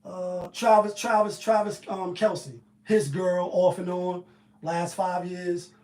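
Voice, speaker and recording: A man riffs on the day's news in loose, slangy commentary, animated and quick with his asides. His voice sits fairly high for a man. The sound is roomy, with a noticeable echo off the walls of the space he is recording in. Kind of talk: casual commentary vlog.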